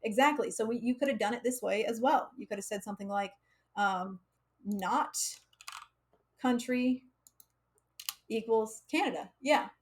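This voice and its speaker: A woman's voice: on the high side, a little slow, long pauses. An American woman teaching coding on a live stream, chatty and laughing often, with frequent fillers. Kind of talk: casual live coding lesson.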